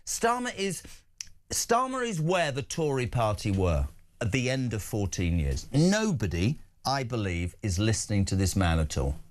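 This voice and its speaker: A man's voice: lowish voice, moderate pace. A man hosting a breakfast talk radio show, talking in an indignant, mocking way. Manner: indignant, animated, mocking impressions. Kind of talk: opinionated talk radio chat.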